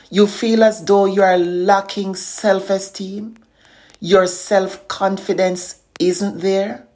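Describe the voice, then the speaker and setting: A middle-aged woman slowly reciting a devotional poem, earnest and consoling. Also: on the low side, a little mellow. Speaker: poet and inspirational speaker.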